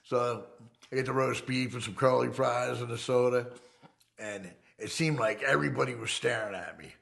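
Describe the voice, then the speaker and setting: A middle-aged man telling his own story in a casual, animated and profane way, acting out the people in it. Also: medium pitch, moderate pace, vocal fry. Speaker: interviewee.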